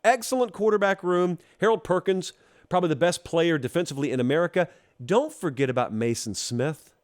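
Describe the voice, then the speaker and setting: A man from Georgia hosting a college football show, talking straight to the fans in a teasing, animated monologue. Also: on the high side, a little fast. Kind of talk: casual opinion monologue.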